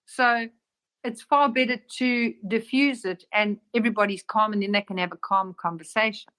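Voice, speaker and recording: A woman giving a casual spiritual talk as a teacher, acting out bits of dialogue in a lively, raised voice. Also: mid-range voice, moderate pace. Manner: animated, acts out dialogue in raised voice.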